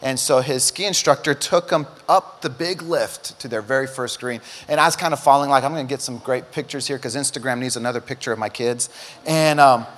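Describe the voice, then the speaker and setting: In a reverberant church auditorium, a middle-aged pastor preaches at a brisk pace, his medium-pitched voice bringing stories to life and performing the quotes. A little hiss or hum sits under the recording along with the long hall reverb.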